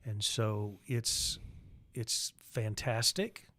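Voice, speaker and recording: A man's voice: fairly low pitch, expressive, drawn-out words, pushed and bright. A man co-hosting a casual political podcast, explaining things in a plain, matter-of-fact way. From Utah, United States. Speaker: podcast co-host.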